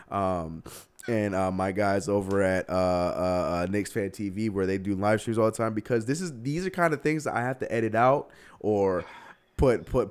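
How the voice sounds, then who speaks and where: A young man hosting a casual live sports stream, animated and exasperated, often laughing. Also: fairly low pitch, clear, resonant tone. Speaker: podcast host.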